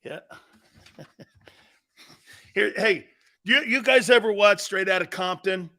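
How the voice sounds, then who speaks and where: Bright, high-voiced mocking sports talk host. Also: male voice. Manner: mocking, laughs often, mimics others in quick asides. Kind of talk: casual sports talk riffing.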